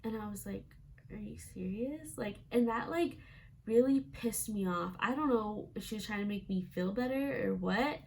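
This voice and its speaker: A woman's voice: mid-range voice, moderate pace, gravelly, a little mellow. A young woman vlogger telling a casual storytime, chatty and full of "like" fillers, acting out quoted lines.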